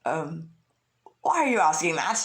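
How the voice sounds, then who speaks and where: A woman's voice: sits low, very animated, unhurried. Woman doing a flustered alien warrior brother. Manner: flustered and blustering. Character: arrogant male alien warrior, older brother.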